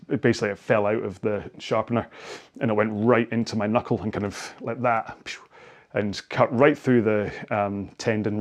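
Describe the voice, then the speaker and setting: A man's voice: medium pitch, a little mellow. A man in his forties leading a follow-along stretching cooldown, chatty and self-mocking, wandering off into personal asides. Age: 40s. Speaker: rowing coach.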